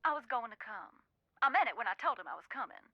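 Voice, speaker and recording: A dramatic Southern woman who talks with ghosts in a mystery video game. She drawls in an old-fashioned, theatrical way with a bright, crisp tone. The game audio is dry and a little dull. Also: fairly high pitch, sing-song, fast, no echo, full character voice. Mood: secretive.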